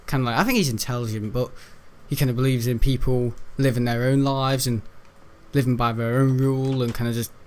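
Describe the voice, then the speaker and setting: A British man rambling through casual gaming commentary, chuckling often and jumping up in pitch when he's incredulous. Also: steady tone, fairly quick, darkish tone. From United Kingdom. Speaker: gaming YouTuber.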